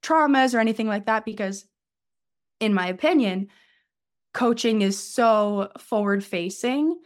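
A woman's voice: fairly high pitch, measured pace. A woman life coach speaking as an interview guest, explaining her approach and acting out the inner voices of her clients.

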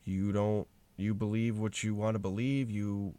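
A man appearing as a guest on a podcast, talking casually with halting, stammering restarts. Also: fairly low pitch, flat delivery, warm tone. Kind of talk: casual chat. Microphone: remote recording platform.

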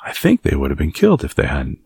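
A man's voice: rumbling low, wildly swooping pitch, fast, creaky, a little mellow, husky, no echo, clean studio sound, heavily acted. A man reading an audiobook voices a curious, blunt little girl who speaks in a plain, matter-of-fact way. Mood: earnest.

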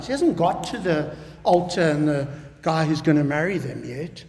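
A man preacher delivering a sermon in an emphatic, animated way, with casual conversational asides. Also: on the high side, normal speed. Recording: long reverb of a large hall.

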